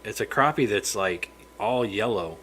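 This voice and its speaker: A man's voice: lowish voice, expressive, unhurried, fairly bright tone, a little hiss or hum, low-quality recording. A man hosting a casual live stream from his fish room, chatting freely, greeting viewers by name and stumbling over words now and then. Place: home fish room with aquariums.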